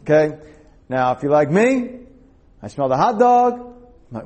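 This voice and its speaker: A man preaching a youth sermon, telling a lively personal story and checking in with his listeners as he goes. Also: fairly high pitch, measured pace. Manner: animated storyteller, acts out shouted quotes, rhetorical "okay?" and "all right?".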